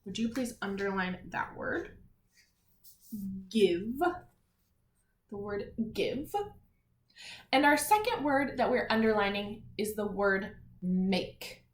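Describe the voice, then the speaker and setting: A woman teaching a lesson to young children, patient and clear, sounding out letters and words one by one. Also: medium pitch, expressive, unhurried. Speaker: elementary school teacher. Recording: roomy echo, faint background noise.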